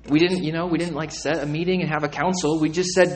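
A man preaching a sermon in a conversational way, often asking "okay?" and "right?", repeating and restarting words, and rising in pitch and volume when he gets emphatic. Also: quick pace, few pauses, slight background noise. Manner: conversational, asks listeners to check in with "okay?" and "right?". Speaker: pastor.

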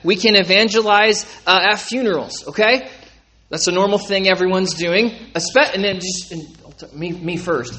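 A man's voice: fairly high pitch, sharp tone, low-quality recording. Conversational man preaching a sermon. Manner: conversational preaching, asks the congregation for agreement. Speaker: pastor.

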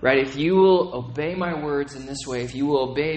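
A man's voice: moderate pace, hardly any pauses, slight background noise. Man preaching a chatty sermon. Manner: conversational, asks listeners to check in with "okay?" and "right?"; animated, rising in pitch and volume when emphatic. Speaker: pastor.

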